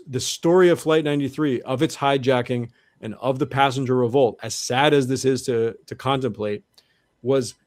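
A man's voice: medium pitch, a little mellow, no room sound. Earnest man explaining at length. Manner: earnest, restarts often, builds argument step by step. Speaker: guest. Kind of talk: conversational interview explanation.

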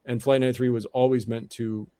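A man's voice: medium pitch, little pitch movement, fast, dark tone, smooth, no room sound. Earnest man, dry close sound. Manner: earnest, repeats and restarts often. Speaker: guest researcher. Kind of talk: interview monologue.

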